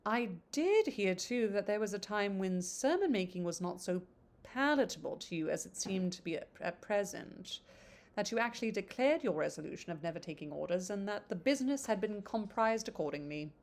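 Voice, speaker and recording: A woman reading a poised, quick-witted young woman's lines in a storybook reading, carefully and with small stumbles. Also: medium pitch, very animated, a little mellow. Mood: composed.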